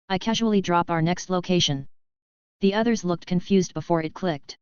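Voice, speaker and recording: A woman narrating a web novel audiobook in an even, steady reading voice. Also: fairly low pitch, moderate pace, smooth, dry recording, lo-fi sound.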